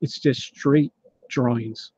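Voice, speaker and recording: An easygoing man talks about his comic work in a relaxed, unhurried way. His voice is mellow and dark-toned. The sound is dry and a little muffled, like a video call. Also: mid-range voice, breathy edge, no echo. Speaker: comic artist guest. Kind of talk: casual chat on a livestream.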